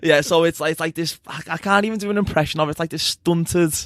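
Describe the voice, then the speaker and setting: A man's voice: a little high, fast talker, a bit bright, dry recording, studio quality. A man co-hosting a comedy podcast, telling a rambling story with frequent laughter. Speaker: podcast co-host. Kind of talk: casual comedy chat.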